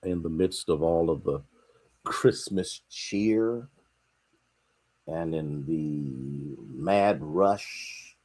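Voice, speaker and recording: Deep-voiced American pastor, chatty and folksy. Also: male voice, drawn-out words, darkish tone. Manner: folksy and conversational, greeting viewers by name, yawning and apologizing. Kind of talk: livestreamed midweek sermon with greetings to online viewers.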